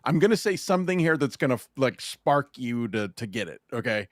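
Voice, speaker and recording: A man hosting a podcast, telling a story in an animated, swearing, laughing style of casual chat. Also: medium pitch, brisk, no room sound, studio quality. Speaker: podcast host.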